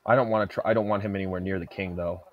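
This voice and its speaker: A man's voice: deep voice, steady tone, racing, narrow, tinny audio. A man playing his character in a tabletop game, speaking sternly and with threats, often restarting his sentences. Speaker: player. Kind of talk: in-character tabletop role-play.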